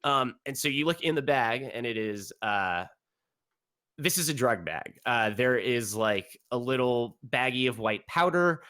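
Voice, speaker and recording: A man's voice: medium pitch, lively intonation, unhurried, sharp tone. A man narrating a tabletop game as game master, rambling with many fillers.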